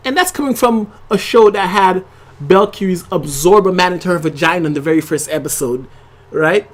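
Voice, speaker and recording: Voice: medium pitch, lively intonation, moderate pace. A reviewer and channel host giving a casual, rambling episode review to camera, full of "like" and tag questions.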